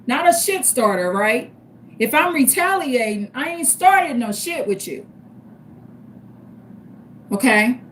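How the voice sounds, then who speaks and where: A middle-aged woman from St. Louis with a high voice, talking straight to her livestream viewers. She is blunt, tough and full of cursing. Faint noise sits under her voice. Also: fairly bright tone. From St. Louis, Missouri, US. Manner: blunt and profane, street-tough. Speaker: livestream host. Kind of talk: casual livestream talk.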